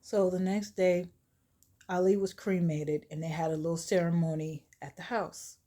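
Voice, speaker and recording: Woman chatting through a spooky story, casual, um-filled, lowish voice. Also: steady tone, moderate pace, warm tone.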